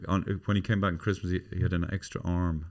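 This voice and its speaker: A man's voice: low voice, little pitch movement, quick pace, a little mellow. An Irish man hosting a podcast in casual family chat, rambling and swearing freely, stumbling over his words. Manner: rambling, sweary, restarts often. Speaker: podcast host.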